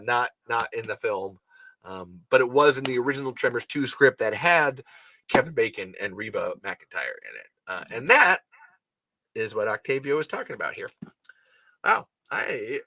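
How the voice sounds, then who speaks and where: A man's voice: medium pitch, big pitch swings, moderate pace, pushed and bright, no echo. A young man hosting a podcast in casual chat, rambling with many fillers and swearing freely. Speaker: podcast host.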